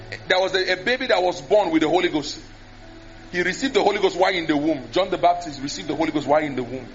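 A preacher, speaking animatedly into a handheld mic, often mimicking prayers and repeating words. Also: male voice, high-pitched, fairly bright tone. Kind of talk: sermon. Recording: dull lo-fi sermon recording.

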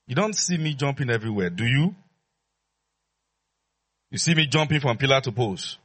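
Husky pastor preaching emphatically. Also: male voice, medium pitch. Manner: emphatic, repeats phrases, call-and-response with congregation. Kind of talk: sermon.

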